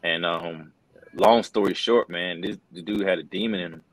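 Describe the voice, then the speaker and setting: Middle-aged guy, low voice, earnest and loose, keeps saying bro, dry close mic. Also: steady tone, moderate pace, dry recording, low-quality recording. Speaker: wrestling commentator and guest. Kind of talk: casual interview storytelling.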